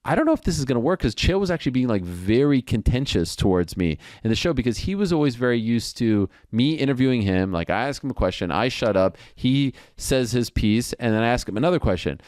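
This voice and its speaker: A man chatting as a podcast guest, animated and quick to act out what others said. His voice sits at a middle pitch and is recorded close and dry on a studio mic, with no room around it. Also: smooth, no room sound. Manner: animated storyteller who acts out quotes. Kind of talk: casual chat.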